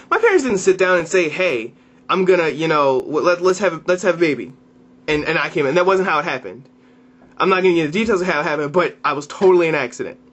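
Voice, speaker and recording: A man's voice: fairly high pitch, a bit bright. A young man ranting to camera in a vlog, exasperated and profane, often repeating and restarting his phrases. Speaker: vlogger.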